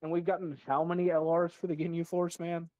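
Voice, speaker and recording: Argumentative man, higher voice, dry. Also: flat delivery, brisk, darkish tone, dry recording. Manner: argumentative, rambling with fillers. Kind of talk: casual gaming chat.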